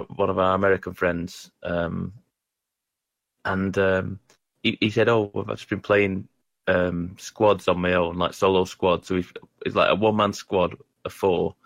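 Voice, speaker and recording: A man in a casual gaming chat, talking in a rambling, halting way and poking fun at his own skills. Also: sits low, creaky, no room sound. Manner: rambling, halting, self-deprecating.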